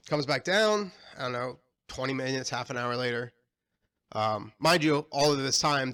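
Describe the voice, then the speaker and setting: A young adult man on a podcast, telling a frustrated story in a casual, animated and profane way. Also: on the high side. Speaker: podcast co-host.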